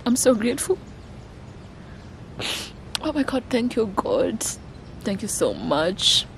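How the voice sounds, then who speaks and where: A woman's voice: medium pitch, a little hiss or hum. A Kenyan woman in her twenties, talking to camera in a casual vlog, emotional and gushing, repeating her phrases. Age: 20s. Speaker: vlogger.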